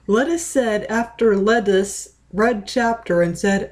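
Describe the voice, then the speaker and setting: A woman reading a fan story aloud in a deadpan manner. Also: medium pitch, slow, few pauses. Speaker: reader.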